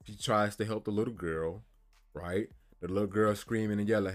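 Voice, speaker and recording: A man's voice: fairly low pitch, fairly even intonation, normal speed. A man retelling a story in casual, heated commentary, repeating himself and often asking "you feel me".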